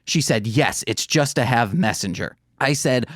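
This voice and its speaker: A man co-hosting a podcast in casual chat, candid and sardonic, joking about dark subjects. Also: medium pitch, lively intonation, normal speed, dry recording, studio quality. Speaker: podcast co-host.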